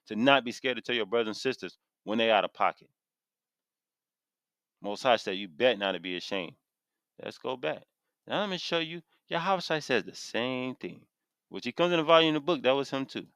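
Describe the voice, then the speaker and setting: A man's voice: mid-range voice, sing-song, fairly quick, fairly bright tone, no echo. Fired-up preaching man, dry close sound. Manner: impassioned, preachy, reads verses aloud then repeats them with emphasis. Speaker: street preacher teaching scripture. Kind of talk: fiery scripture sermon to camera. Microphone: camera mic.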